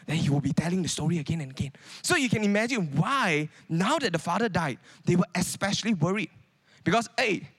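A man's voice: high voice, fairly bright tone. A man preaching a sermon in a conversational way, with many rhetorical questions.

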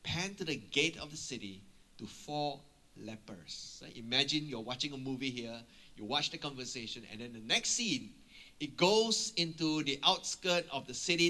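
A man preaching a sermon, retelling a Bible story in an animated way and often checking in with his listeners. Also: mid-range voice, unhurried.

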